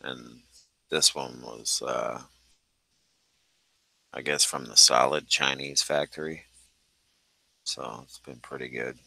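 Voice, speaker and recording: A man's voice: a bass voice, fairly even intonation, takes it slowly, creaky, long pauses, bright, forceful tone, breathy edge, dry recording, poor audio. A man chatting casually and joking on a podcast about gear he's selling. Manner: joking, laid-back. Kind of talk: casual chat.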